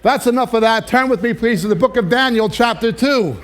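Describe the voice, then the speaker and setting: A man preaching, telling jokes with animated timing and then reading scripture slowly and deliberately. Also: extremely high pitch. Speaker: pastor.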